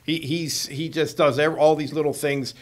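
Halting man talking football. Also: fairly high pitch, fairly even intonation. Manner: halting, restarts often, trails off quietly. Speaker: sportswriter co-host. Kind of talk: casual sports chat.

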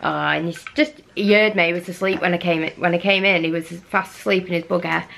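A woman's voice: fairly low pitch, fairly even intonation, fast, vocal fry. A woman with a Manchester accent chatting casually to the camera in a vlog, rambling and laughing often. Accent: Mancunian. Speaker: vlogger. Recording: loud background noise.

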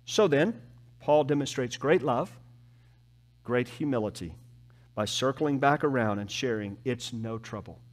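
A man preaching a sermon as pastor, with emphatic rises and soft, slow, drawn-out drops. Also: mid-range voice. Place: church.

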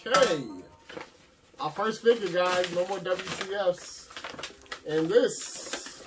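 A man's voice: high-pitched, slow pace, background noise. A man chatting casually to his viewers while unboxing, slangy and talkative. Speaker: vlogger unboxing anime figures. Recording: distant mic with music behind.

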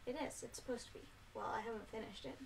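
A young woman with a headache chatting quietly on a home livestream, dry and low-key as she shows her crafts. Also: fairly even intonation, fast, creaky, a little hiss or hum. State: has a headache. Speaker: streamer. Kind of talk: casual chat.

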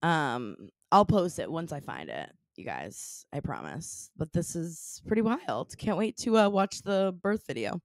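A woman's voice: low voice, very animated, measured pace, few pauses, dry recording, clean studio sound. A woman co-hosting a podcast, chatting casually and playfully, with lots of fillers. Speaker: podcast co-host. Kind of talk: casual chat.

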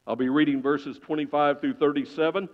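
A man preaching a sermon in church, telling a story with sudden loud swells and quiet hushed drops. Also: fairly high pitch, fairly even intonation, brisk. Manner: dramatic storytelling, swelling loud then dropping to a hush. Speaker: pastor. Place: church sanctuary. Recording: dull reverberant church sound.

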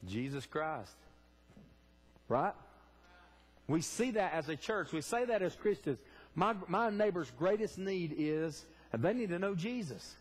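Pastor preaching, fairly high voice. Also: male voice, expressive, measured pace, husky. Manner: fervent preaching, asks the congregation direct questions. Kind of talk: sermon. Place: church sanctuary.

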